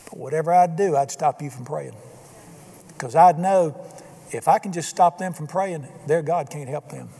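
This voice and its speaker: An older man preaching with a noticeably high voice, emphatic and folksy with flashes of humor. His voice rings out with a long reverb, as if filling a large church sanctuary. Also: normal speed, vocal fry, dark tone, slightly rough. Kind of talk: sermon.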